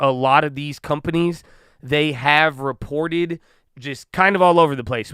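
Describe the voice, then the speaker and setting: A man's voice: a little high, clear, resonant tone, dry recording, studio quality. A young man hosting a casual live stream, slangy and hyped, a little winded. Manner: hyped, slangy, shouts out viewers. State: winded, out of breath. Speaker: live-stream trading host.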